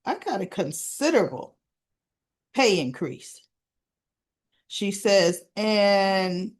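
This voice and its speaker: A woman hosting a casual soap opera recap, retelling scenes and dialogue with chatty asides. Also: medium pitch.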